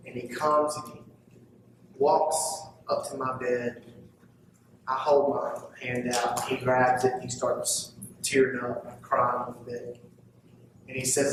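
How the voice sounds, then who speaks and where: A man's voice: medium pitch, little pitch movement, measured pace, noisy background. Preaching man in an echoey church. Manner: preachy, swinging from loud to hushed. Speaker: pastor. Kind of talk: sermon. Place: church sanctuary. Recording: echoey church heard from far off.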